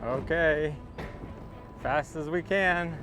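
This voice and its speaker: A man's voice: on the high side, drawn-out words, fairly bright tone. A man vlogging a mountain coaster ride outdoors, exclaiming and laughing as he rides, with music behind him. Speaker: travel vlogger riding a coaster. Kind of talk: excited on-ride commentary.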